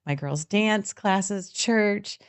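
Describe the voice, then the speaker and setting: A woman's voice: mid-range voice, extremely slow, smooth. A woman guest on a talk show with a Midwestern American accent, speaking in a friendly, affirming way. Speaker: guest, jewelry business founder. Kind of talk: interview.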